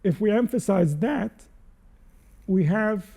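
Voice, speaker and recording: Gravelly high-voiced man teaching slowly. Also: lively intonation, dark tone. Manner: measured, reflective explanation with pauses and Hebrew terms. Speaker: Jewish spiritual teacher. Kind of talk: unscripted spiritual teaching.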